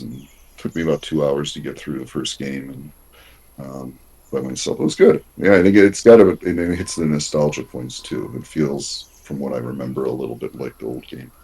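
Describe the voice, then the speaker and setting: A man's voice: very deep voice, dark tone, breathy edge. A man chatting as a player in a tabletop game, thinking aloud. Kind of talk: casual chat at a game table.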